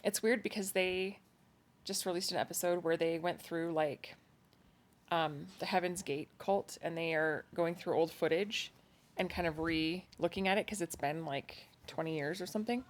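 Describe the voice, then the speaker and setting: Woman podcast co-host, low-pitched, relaxed and chatty, quick to laugh at herself. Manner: chatty, self-deprecating, laughs often. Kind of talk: casual chat. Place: home at night, kids asleep nearby.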